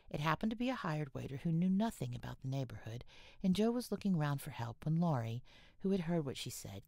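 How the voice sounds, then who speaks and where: A woman's voice: extremely low pitch, vocal fry, dark tone, no echo, clean studio sound. A woman narrating a classic novel as an audiobook, reading expressively and often dropping into a whisper. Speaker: audiobook reader.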